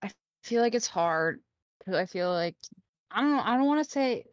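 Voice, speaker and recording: A woman chats casually on a podcast, hedging and hesitating as she searches for what to say. Her pitch is middling, and the recording is dry and close. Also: animated, normal speed, clear, resonant tone, no room sound, muffled recording. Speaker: podcast co-host. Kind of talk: casual chat.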